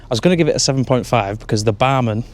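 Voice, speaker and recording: A man's voice: mid-range voice, rapid-fire, a little mellow. A man vlogging casually on a handheld camera, reviewing pubs with dry jokes. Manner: dry, joking pub reviews. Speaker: travel vlogger. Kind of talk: casual vlog chat. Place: pubs and streets, in and out of doors.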